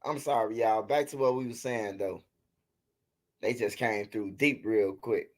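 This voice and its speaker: A man's voice: on the low side, fairly even intonation, unhurried. A man with a Chicago accent hosting casual livestream commentary, mocking and trash-talking his critics with lots of repetition. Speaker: commentary host of a street news channel.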